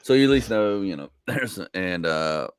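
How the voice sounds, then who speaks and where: Low-voiced joking man on a podcast. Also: expressive, normal speed, clear, resonant tone, no room sound, clean studio sound. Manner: rambling, joking, laughs often. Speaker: comedian and podcast host. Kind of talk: casual podcast chat.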